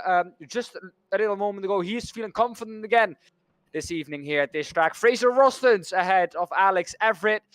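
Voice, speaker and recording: High-voiced race commentator. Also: male voice, a bit bright, no echo. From Netherlands. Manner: talks through schedules and standings, pausing on names. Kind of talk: sim racing broadcast commentary.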